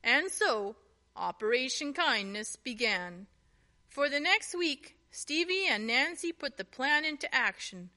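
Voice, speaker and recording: A woman narrates a children's storybook slowly and expressively. Her voice is high and bright, rising and falling in a lively way.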